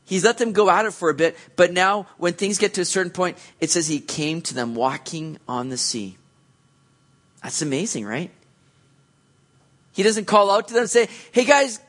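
A man preaching a sermon, telling the story with lively acted-out moments and earnest encouragement. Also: fairly high pitch. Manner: animated storytelling, acts out quoted voices. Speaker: pastor.

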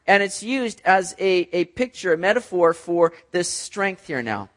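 High-voiced pastor preaching conversationally. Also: male voice, expressive, unhurried, fairly bright tone. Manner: conversational preaching, addresses listeners as guys; acts out voices in an illustrative story. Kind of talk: sermon.

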